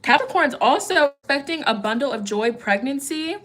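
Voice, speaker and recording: A woman's voice: sits high, expressive, normal speed, a bit bright. Chatty, encouraging woman tarot reader. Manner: chatty, encouraging, peppered with "you know" and "okay?". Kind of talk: casual livestream tarot reading.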